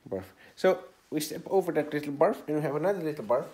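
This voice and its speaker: Man, chatty mock tour-guide vlog, put-on accent, very lively pitch. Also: fast talker. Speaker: comedian vlogger. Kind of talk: casual vlog walkthrough.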